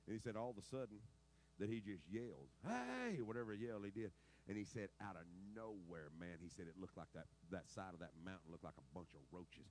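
A middle-aged man preaching a sermon, telling stories dramatically and swinging between loud outbursts and quiet, low stretches. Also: steady tone, brisk, slight background noise, poor audio. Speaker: pastor.

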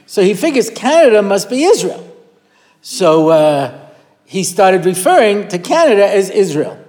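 A man's voice: high-pitched, sing-song, unhurried, darkish tone. A man giving a Torah class who tells stories and acts out quoted voices, often restarting his phrases, recorded in a hall with a live audience. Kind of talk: Torah lecture with storytelling. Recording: long hall reverb.

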